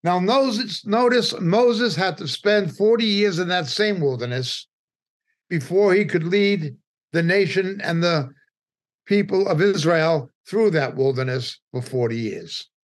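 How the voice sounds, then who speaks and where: Slow, deliberate New teacher. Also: male voice, sits high, animated. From New York. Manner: deliberate, emphatic, pausing between phrases. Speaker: Bible teacher. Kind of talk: midweek Bible study teaching.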